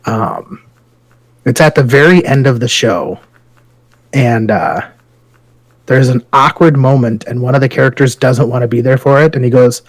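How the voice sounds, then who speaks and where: Swearing freely and laughing a lot, this podcast co-host spins stories in a relaxed conversation. He speaks at medium pitch and a normal pace, pausing often, in a low-quality recording with no echo.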